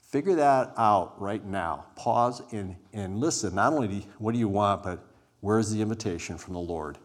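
A man's voice: fairly low pitch, normal speed. A man giving a conversational, inviting sermon to a congregation as a guest preacher. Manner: conversational, inviting, acts out scripture scenes. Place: church hall before a live congregation.

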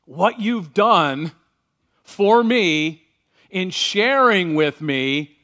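A man preaching a sermon as pastor, animated and varied, slowing down when he reads scripture aloud. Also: high voice.

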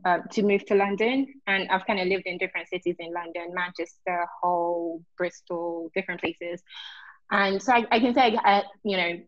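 Female guest from Nigeria, warm and animated, dry close audio, a bit dull. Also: on the low side, no echo. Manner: warm, laughing, animated storytelling. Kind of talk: casual video-call interview. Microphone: video call.

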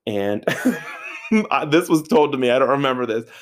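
Animated, profane male storyteller. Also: mid-range voice, measured pace. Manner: animated, profane, filler-heavy with frequent "like". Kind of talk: casual storytelling.

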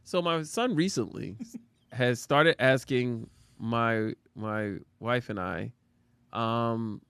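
Male co-host, teasing and quick to laugh, mid pitch, dry close sound. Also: creaky, a bit bright, smooth, no echo. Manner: laughs often, teasing exclamations. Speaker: podcast co-host; father of a son and daughter. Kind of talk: casual chat.

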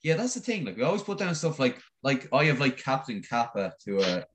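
A man's voice: medium pitch, very animated, brisk, fairly bright tone. A young Irish man in casual chat, easygoing and teasing, swearing now and then.

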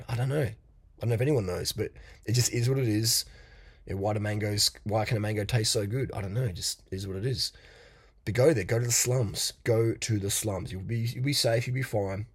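A man with a somewhat low, husky voice holds forth as a podcast host. His talk is blunt, crude and rambling, and the recording is dry and close. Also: no echo. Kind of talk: casual monologue.

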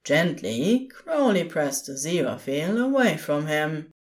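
A woman narrating a podfic in a gentle, expressive storytelling manner. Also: low-pitched, a little slow.

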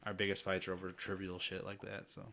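A man's voice: low-pitched, monotone, fast, gravelly, bright, forceful tone. A young adult man co-hosting a podcast, telling a family story in casual chat, swearing freely and acting out what family members said. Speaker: podcast co-host.

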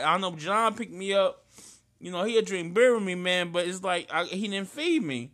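A man's voice: sits high, normal speed, a bit bright. A man telling a heartfelt story in casual slang to a close friend. He is tearful and earnest. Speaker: friend in conversation.

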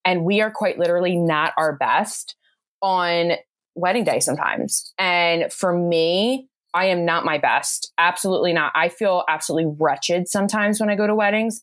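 A woman's voice: fairly low pitch, normal speed, fairly bright tone, no echo, clean studio sound. A woman from the United States, a bridal makeup artist, talking as an interview guest in an effusive, gushing way. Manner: effusive, gushing, repeats "quite literally". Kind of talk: casual interview chat.

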